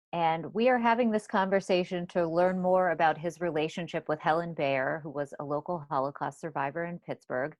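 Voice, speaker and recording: A woman interviewer introducing her guest in a measured, gracious way, with a few fillers. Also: low-pitched, darkish tone, no room sound. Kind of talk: recorded conversation introduction.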